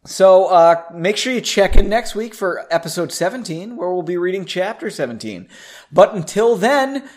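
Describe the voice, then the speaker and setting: A man's voice: high voice, animated, moderate pace, hardly any pauses, a little mellow. A man hosting his own podcast from his basement, chatting casually and rambling, often poking fun at himself. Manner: self-deprecating, rambling, laughs at himself. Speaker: podcast host. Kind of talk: casual solo podcast chat. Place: home basement.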